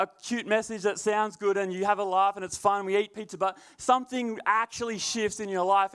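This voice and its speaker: Laid-back young youth preacher. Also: male voice, sits high, fairly bright tone, clear, resonant tone. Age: young adult. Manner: laid-back, laughing often, chatty filler words. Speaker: youth leader. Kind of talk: youth sermon with storytelling.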